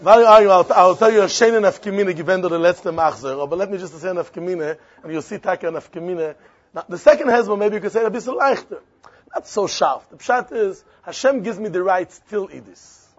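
A man's voice: high-pitched, brisk, slightly rough. A man teaching a Talmud lesson, repeating phrases and posing and answering his own questions. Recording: dull lo-fi recording with faint crowd.

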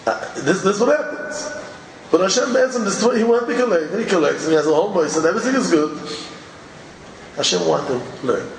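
An animated religious teacher gives an informal Torah talk in a hall, speaking quickly in a high, creaky voice and mixing Hebrew and Yiddish terms into his English. He's recorded from far off in an echoey hall with faint ambient noise.

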